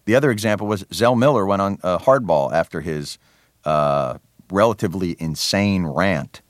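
A man from New Jersey, a guest in a radio interview, talking with a wry, sardonic edge and lots of quick restarts. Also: sits low, no echo, clean studio sound. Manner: many restarts and fillers. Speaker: interview guest, comedy show host.

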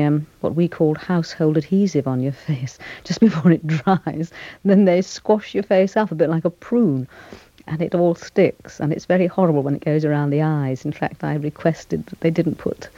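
An older actress giving a radio interview, speaking thoughtfully with frequent pauses, fillers and restarts. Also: female voice, low-pitched, warm tone, no room sound, highs cut off. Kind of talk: reflective interview conversation.

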